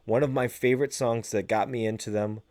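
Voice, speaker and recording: A man hosting a casual podcast chat, enthusiastic and quick to laugh. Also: lowish voice, fairly even intonation, darkish tone, no room sound, clean studio sound.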